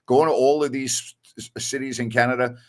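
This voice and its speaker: A man's voice: medium pitch, steady tone, a little fast. A middle-aged man hosting a sports talk show, blunt and opinionated, telling stories with a laugh. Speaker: sports radio host.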